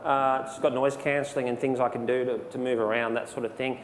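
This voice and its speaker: A man giving a relaxed, conversational live software demonstration, with frequent fillers, speaking into a handheld mic. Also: medium pitch, a little fast. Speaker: presenter. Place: presentation hall. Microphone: handheld microphone. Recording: long hall reverb, faint background noise.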